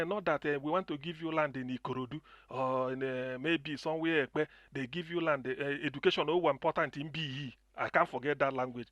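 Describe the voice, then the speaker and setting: A man's voice: high-pitched, fairly bright tone, dry recording. Impassioned Nigerian man caller. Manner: impassioned, repetitive, restarts often. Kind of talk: passionate call-in commentary.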